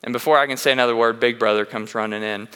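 A man's voice: mid-range voice, fairly even intonation, very fast, sharp tone, clean tone. A man preaching a sermon in a church, telling candid personal stories in an earnest way and often restarting his sentences. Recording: long reverb of a large hall.

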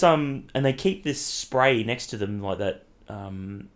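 A man's voice: medium pitch, expressive, a little slow. A young man chatting crudely and telling stories as a podcast co-host. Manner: crude, storytelling, laughs often. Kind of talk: casual chat.

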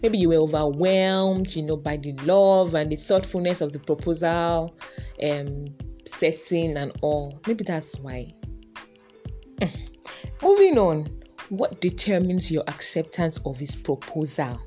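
A woman's voice: sits low, lively intonation, a little slow, mellow, soft background music. A woman with a Nigerian accent hosting a casual podcast monologue, chatty and musing aloud, dropping in Yoruba and pidgin words. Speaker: podcast host.

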